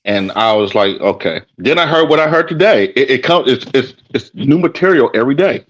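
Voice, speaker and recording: A man's voice: mid-range voice, animated, fairly quick, lo-fi sound. A man calling in to a show, talking casually and repeating himself. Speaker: caller.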